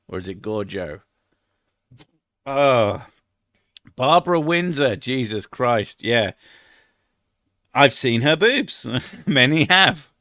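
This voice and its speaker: A man's voice: mid-range voice, big pitch swings, slow, pauses often, sharp tone, dry recording, clean studio sound. A middle-aged British man chatting casually on a live stream, rambling, swearing a lot and laughing at his own jokes.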